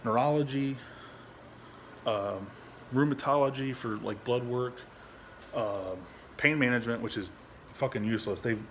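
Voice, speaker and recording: Young guy venting into his phone at home, mid pitch, cursing, stumbling over his words, slight background hiss. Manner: frustrated, rambling, heavy swearing; halting, restarts often. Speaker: veteran vlogger. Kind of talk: candid personal vlog.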